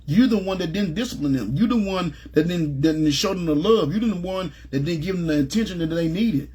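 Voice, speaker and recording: A man's voice: sits high, lively intonation, a little fast, mellow, slightly rough. A middle-aged man giving an informal, plain-spoken Bible teaching, driving his points home with emphasis and asking his listeners again and again whether they follow him. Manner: emphatic, plain-spoken, repeats "you know what I'm saying". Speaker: preacher.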